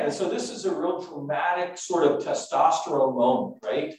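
A man preaching and telling stories in an animated, self-mocking way with halting restarts. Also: fairly high pitch. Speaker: preacher and tour guide. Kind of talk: sermon with storytelling. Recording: echoey room, mic far off.

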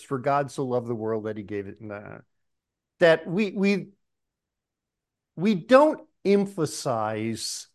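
A man preaching a sermon, slow and emphatic, often clearing his throat. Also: medium pitch.

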